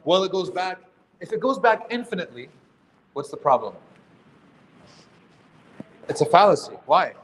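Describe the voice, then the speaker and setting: A man's voice: high-pitched, sing-song, normal speed, long pauses. A man leading a workshop as its teacher, speaking in a conversational way, quizzing the audience and throwing in jokes. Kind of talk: interactive workshop lecture. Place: workshop room with a live audience.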